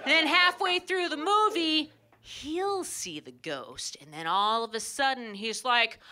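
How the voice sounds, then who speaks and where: Pregnant woman stand-up, high and lively, sarcastic and petty, live audience laughter and room noise. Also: unhurried, a faint crowd. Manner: animated, sarcastic, playfully petty. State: heavily pregnant. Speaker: stand-up comedian. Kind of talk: stand-up comedy set. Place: comedy stage before a live audience.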